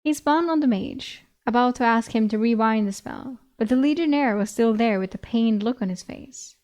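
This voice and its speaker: A woman's voice: on the high side, moderate pace, darkish tone. A woman streamer reading a fantasy novel aloud, laughing often and breaking off with casual asides. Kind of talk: audiobook reading with reaction commentary.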